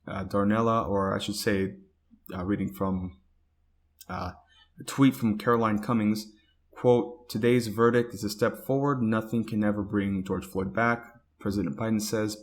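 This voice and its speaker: A man with a fairly low voice hosts a talk podcast, reading news reports aloud. He often stumbles and restarts words, and breaks off into casual spoken asides. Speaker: podcast host.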